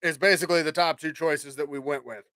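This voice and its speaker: Bright, profane man rambling on his podcast. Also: fairly high pitch, fairly even intonation, quick pace, no room sound, studio quality. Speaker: podcast host. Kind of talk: casual rambling monologue.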